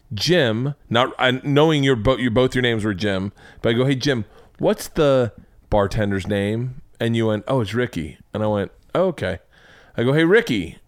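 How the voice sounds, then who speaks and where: A man's voice: medium pitch, dry recording, studio quality. A middle-aged man hosting a podcast, telling funny stories in casual chat, giggling hard and swearing freely. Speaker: podcast host. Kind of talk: casual comedic storytelling chat.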